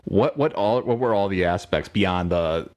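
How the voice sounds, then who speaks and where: A man's voice: sits low, moderate pace, darkish tone. A man co-hosting a podcast in casual chat, rambling with many restarts and laughing often. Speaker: podcast co-host.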